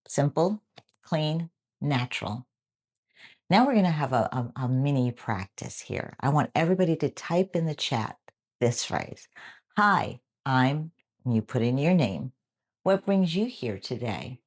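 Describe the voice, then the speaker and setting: Very low-voiced, slow-speaking woman teacher. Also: lively intonation, a little mellow. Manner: clear, upbeat, models phrases aloud. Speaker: English teacher. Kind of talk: live online lesson.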